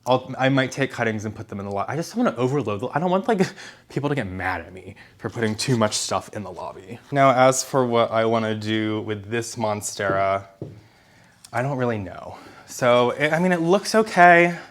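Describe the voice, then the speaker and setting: A man's voice: medium pitch, animated, normal speed. A man chatting casually to camera at home about his houseplants, rambling and correcting himself as he goes. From Philadelphia area. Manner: rambling and self-correcting, with small laughs. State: out of breath. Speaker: plant vlogger. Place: home apartment indoors.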